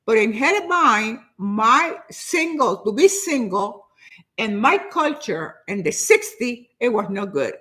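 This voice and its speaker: Lively, animated older woman preaching motivation. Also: on the high side, slow. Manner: animated and preachy, repeats herself for emphasis; acts out other people's nagging voices. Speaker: motivational speaker. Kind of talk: motivational talk.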